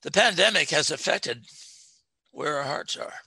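Preacher guy w a gravelly bright voice, drawn-out emphatic scripture reading, really dry sound. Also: a little high, lively intonation, no room sound. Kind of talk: sermon.

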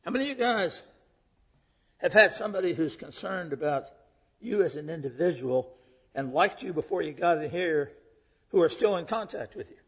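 The speaker, a man in his 80s, has a slightly high, fairly bright and slightly rough voice with lively intonation at a moderate pace. He gives a folksy, earnest storytelling sermon, acting out quoted voices, on a muffled lo-fi recording.

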